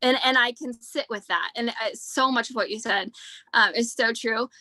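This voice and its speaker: A woman's voice: fairly high pitch, normal speed, sharp tone, dry recording. A woman in her thirties speaking on a video call. She talks in a casual, heartfelt way, full of "like" and "um," rambling and earnest. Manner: rambling, heavy use of "like" and "um"; earnest and emotional. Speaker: speaker at a team leadership training.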